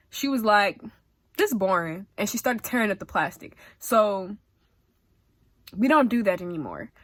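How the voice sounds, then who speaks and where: In a dry, clean studio recording, a young woman with a mid-range voice offers dog-training tips as a vlogger. Her advice is casual and chatty, delivered in a direct, slangy, animated, and emphatic style.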